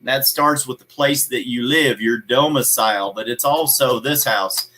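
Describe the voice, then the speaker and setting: Unhurried yet forceful, a man with a medium-pitched, bright voice runs a live motivational broadcast in a preachy style, hammering his key phrases again and again and calling out viewers by name. The recording quality is low.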